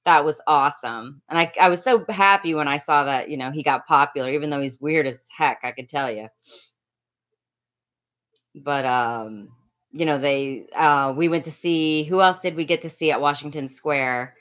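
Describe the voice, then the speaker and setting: A woman's voice: sits low, moderate pace, a bit bright. A middle-aged woman from the Miami area telling a casual story to a livestream chat, rambling and reading out viewer names as she goes. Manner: chatty, reads out viewer names. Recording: slightly dull lo-fi audio.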